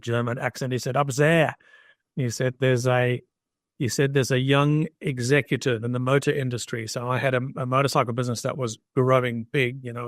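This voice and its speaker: A man's voice: mid-range voice, dry recording. An older man, a podcast guest, telling a long personal story in conversation and acting out the dialogue he quotes. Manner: anecdotal, acts out quoted dialogue. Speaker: guest entrepreneur.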